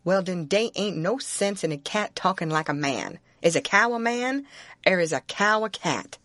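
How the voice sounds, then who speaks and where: A woman's voice: on the low side, expressive, normal speed, a bit bright, dry recording. A woman voicing a stubborn, argumentative grown runaway man in a heavy rural Southern dialect, in an audiobook. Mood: indignant. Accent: Southern American.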